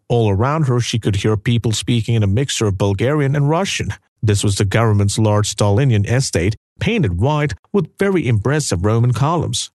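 A man giving measured documentary narration about historical events. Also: mid-range voice, darkish tone, dry recording, studio quality.

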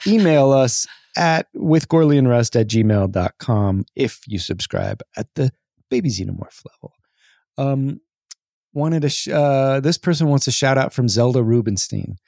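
A man co-hosting a podcast in casual chat, reading listener names with easygoing, halting fillers. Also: medium pitch, expressive, vocal fry, dark tone, no echo, clean studio sound. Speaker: podcast co-host.

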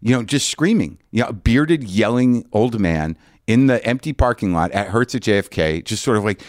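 A man's voice: lowish voice, moderate pace, no room sound. Dry-voiced man telling a comic story. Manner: animated, profane, self-mocking, lots of restarts. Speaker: podcast host.

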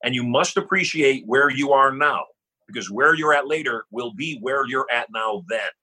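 A man's voice: mid-range voice, normal speed, bright, forceful tone, slightly rough. A man speaking as a podcast guest, telling stories and giving motivational advice with emphatic, punchy repetition. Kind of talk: motivational storytelling.

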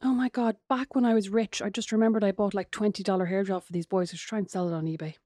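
An Irish woman co-hosting a casual podcast chat, an animated storyteller who acts out the voices in her anecdotes. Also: medium pitch, fast, no echo, clean studio sound. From Ireland. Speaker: podcast co-host.

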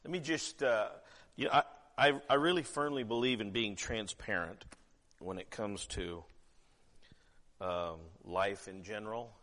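In a church hall with long reverb, a man preaches a sermon as pastor, candid and conversational and full of emphatic asides. His voice is lowish and a bit bright, and he takes his time.

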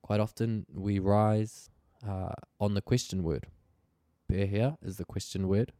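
Kiwi guy teaching a language, real slow and patient, low mellow voice. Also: steady tone, no room sound. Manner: slow, patient explaining with careful pronunciation. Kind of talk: language lesson.

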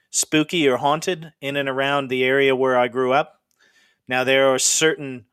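A man's voice: medium pitch, a bit bright, no room sound. A middle-aged man from the Pacific Northwest hosting a podcast, telling stories in a rambling, conversational way full of digressions. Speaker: podcast host. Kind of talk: casual spoken storytelling.

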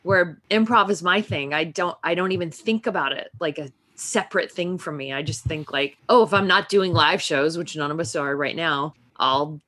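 A woman's voice: low voice, normal speed, few pauses. A woman from Texas, an actress and improviser, telling stories in a casual interview and laughing often. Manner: animated storytelling, laughs often.

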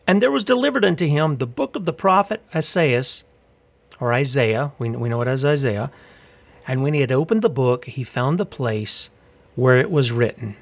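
A man's voice: mid-range voice, lively intonation, moderate pace, gravelly. A man preaching a sermon, fiery and confrontational, asking rhetorical questions and reading scripture aloud.

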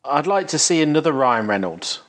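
A man's voice: on the high side, sing-song, fairly quick, fairly bright tone. A man with brief, easygoing replies. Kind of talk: casual film-review chat.

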